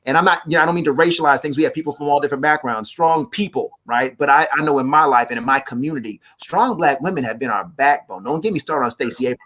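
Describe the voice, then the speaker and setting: A man, a guest on a live talk show, telling stories about acting and family with big swings in pitch. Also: fast talker, hardly any pauses. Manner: animated, preacherly storytelling with wide swings in pitch. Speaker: guest, actor and playwright.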